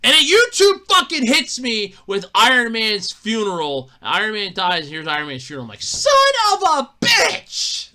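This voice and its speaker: A solo podcast host ranting about gaming news, emphatic and profane. They repeat and restart when worked up, and swing between low mutters and loud outbursts. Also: expressive, brisk, few pauses.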